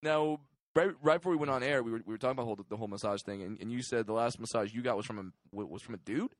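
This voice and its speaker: A man's voice: mid-range voice, rapid-fire, no room sound. A man co-hosting a casual comedy podcast, rambling and laughing as he tells stories. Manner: rambling, laughing, heavy use of fillers like "like". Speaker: podcast co-host.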